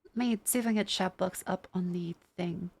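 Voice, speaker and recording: A woman's voice: on the low side, brisk, a little mellow, slight background noise. A young adult woman streamer chatting casually and rambling, with many fillers and some swearing, while testing tracking gear. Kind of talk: casual live-stream chat.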